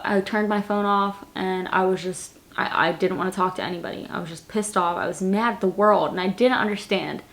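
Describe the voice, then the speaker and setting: A woman vlogger in her late twenties, with a mid-range voice and a fairly bright tone, answers viewer questions straight to camera. Her casual Q&A chat rambles, with repeated words and plenty of "like."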